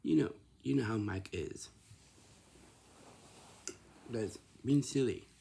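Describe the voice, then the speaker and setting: A man's voice: lowish voice, takes it slowly, gravelly, mellow, slight background noise. A man chatting casually and rambling, repeating himself and often restarting his sentences.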